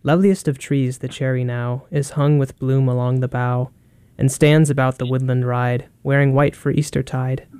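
A man reading poems aloud in a calm, measured way. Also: mid-range voice, clean tone, no echo. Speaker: poetry reader. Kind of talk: poetry reading.

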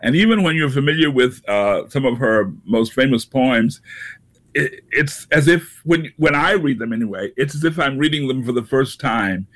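A man hosting a casual poetry talk, pausing often with many fillers. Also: mid-range voice, expressive, fairly bright tone. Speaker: radio poetry show host. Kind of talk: casual chat.

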